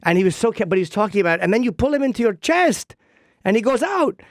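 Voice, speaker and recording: A man's voice: high voice, sing-song, no room sound, studio quality. A man hosting a talk show, chatting casually with frequent restarts. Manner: fast and halting, many restarts.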